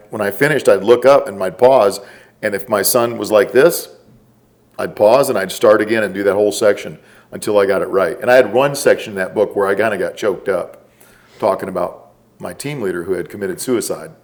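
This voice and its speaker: A middle-aged man, a podcast guest, telling stories casually and quoting the people in them. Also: on the low side. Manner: relaxed, drawn-out storytelling with quoted dialogue. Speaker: podcast guest, former special forces operator. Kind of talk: casual storytelling.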